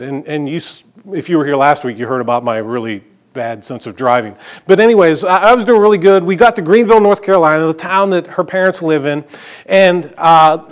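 Middle-aged guy preaching, kinda high voice, casual storytelling then goes real quiet on the big points. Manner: conversational storytelling, drops to a soft hush on key phrases. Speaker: pastor. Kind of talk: sermon.

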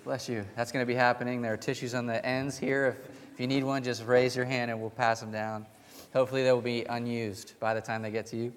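A man with a mid-range voice and level tone preaches fast, with slight background noise present. It's a conversational sermon in a pewed church sanctuary, a story told with restarts and chuckles under long hall reverb.

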